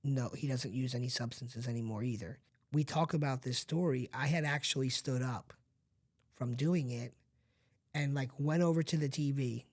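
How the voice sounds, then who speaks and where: A man's voice: medium pitch, moderate pace. A middle-aged man, a podcast guest, telling a painful personal story in an earnest, confiding way and often checking that the listener is following. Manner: earnest and confiding, talks straight to the listener with frequent asides. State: emotional at times.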